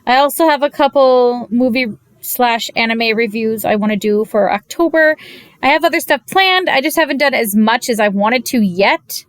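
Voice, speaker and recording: A woman giving a casual, animated recap of an anime episode, gushing and exasperated by turns, slipping into quick quoted voices of the characters. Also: a little high, no room sound. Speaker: anime reviewer.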